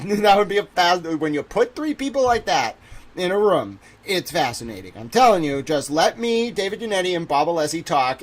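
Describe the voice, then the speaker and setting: A man's voice: on the high side, a bit bright. A man in his thirties hosting a casual livestream, reading a legal document aloud and breaking off to joke and ramble. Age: 30s. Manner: rambling, joking, reads a document aloud and interjects. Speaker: livestream host.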